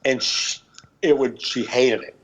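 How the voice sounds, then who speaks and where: A man's voice: medium pitch, steady tone, a little slow, a bit bright, a little hiss or hum. A man co-hosting a comedy podcast, telling loose stories in casual chat and laughing often.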